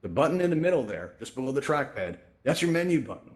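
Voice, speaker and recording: Fast-talking man hosting a VR how-to. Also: mid-range voice, very animated. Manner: conversational, lots of "right?" and "you know" fillers. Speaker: event host and presenter. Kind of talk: casual live presentation in virtual reality. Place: virtual reality social space.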